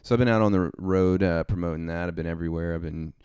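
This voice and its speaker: A man's voice: deep voice, steady tone, fast, darkish tone, clean tone, no room sound, clean studio sound. A man hosting a podcast, chatting casually and rambling, with lots of fillers. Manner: easygoing, rambling with many fillers. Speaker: podcast host.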